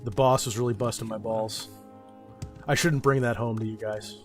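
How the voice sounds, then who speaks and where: A man's voice: mid-range voice, fairly even intonation, normal speed, faint music behind, voice pushed down, close to an everyday voice. A man playing a stressed, sorry dad. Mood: apologetic. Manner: sheepish, apologetic. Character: stressed apologetic middle-aged dad after work.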